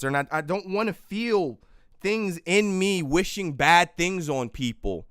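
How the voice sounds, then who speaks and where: A man's voice: fairly high pitch, animated, takes it slowly, a bit bright, clean tone, no room sound, studio quality. A man hosting a live podcast in a heated rant, fiery and profane, repeating phrases for emphasis into his microphone. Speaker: livestream podcast host. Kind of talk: heated political livestream rant. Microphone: microphone he yells at.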